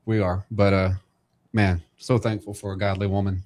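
A man's voice: sits low, little pitch movement, normal speed, a little mellow. A man hosting a casual chat, reflecting earnestly on faith and family. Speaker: host.

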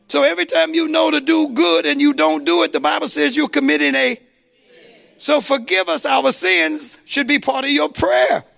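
Male pastor, very high gravelly voice, call-and-response sermon style. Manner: call-and-response, shouted exclamations to the congregation.

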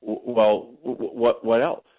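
A man's voice: mid-range voice, level tone, a little slow. A man from Ohio, speaking as a guest author in an interview, with a mid-range voice. He tells a long story, restarts his sentences often and sometimes mocks others. He comes through a narrow, phone-like line. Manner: storytelling, with frequent restarts and mocking mimicry. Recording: tinny phone-like remote line.

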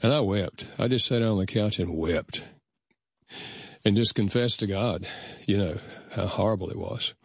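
An older man shares memories as a guest, earnest and reflective. His voice sits low, and the sound is dry and close. He often acts out past conversations. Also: normal speed, slightly rough, no room sound. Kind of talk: personal storytelling.

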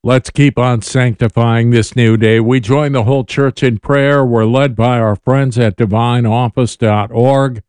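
A man giving a calm, measured scripted devotional reading as host of a daily prayer program. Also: mid-range voice, clean tone, dry recording.

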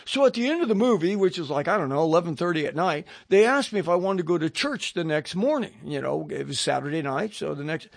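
A man's voice: on the high side, expressive, quick pace, vocal fry, few pauses, no echo, studio quality. An older man telling his conversion story as a radio preacher, acting out the voices in it. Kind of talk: testimony sermon.

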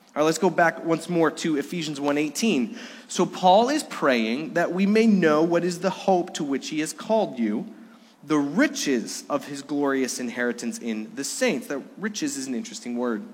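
Preaching man in an echoey sanctuary. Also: a little high. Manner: earnest preaching, swings between loud emphasis and soft hushed lines. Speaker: pastor. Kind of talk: sermon. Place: church sanctuary during a Sunday service.

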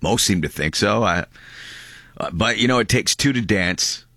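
Talk radio host: a man from Canada, very deep voice, dry studio sound, rambling delivery. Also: animated, normal speed, bright, forceful tone, dry recording. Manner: rambling, many fillers. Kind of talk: casual talk radio commentary.

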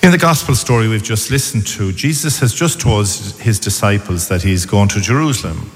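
A man preaching a measured, deliberate sermon as a priest. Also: lowish voice. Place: church. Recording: long church reverb.

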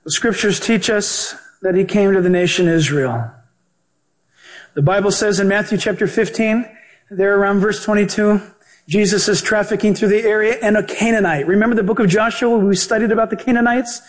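A male pastor and Bible teacher preaching a sermon in an animated, joking way, acting out the voices he quotes. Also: high-pitched, normal speed.

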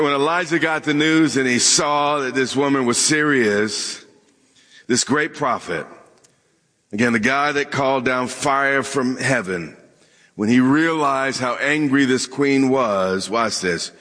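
A male pastor preaching to a church congregation, mixing humor with pointed questions to the room. His voice sits at an ordinary pitch and rings with a long hall reverb. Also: a bit bright. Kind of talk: sermon.

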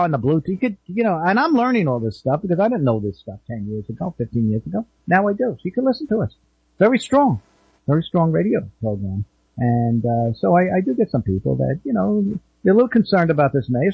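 Rambling, husky talk radio host. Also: male voice, fairly high pitch, darkish tone, no echo, poor audio. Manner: rambling, folksy, with many fillers and restarts.

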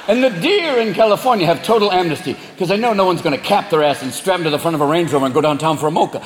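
A man doing crude, animated stand-up comedy on a live stage. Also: a little high, racing, hardly any pauses, noisy background. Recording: live hall echo, loud crowd.

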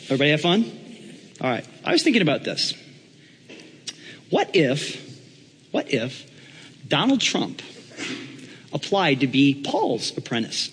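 A man's voice: fairly high pitch, wildly swooping pitch, measured pace, long pauses, a bit bright, big-room sound, slight background noise. A man preaching a sermon as pastor, talking in a conversational, joking way with the congregation.

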